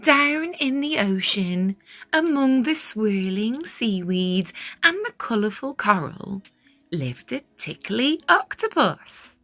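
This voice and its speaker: A woman reading a children's picture book aloud in an expressive, sing-song storytelling manner, sometimes dropping into whispered asides. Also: a little high, slow, no echo, soft background music.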